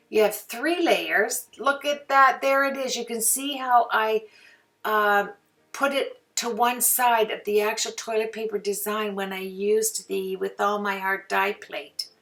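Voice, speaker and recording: A woman's voice: mid-range voice, vocal fry, a bit bright, far from the mic. A woman hosting a casual craft tutorial, chatting to viewers and talking to herself as she works. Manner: chatty, talks to herself while working. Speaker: crafting video host.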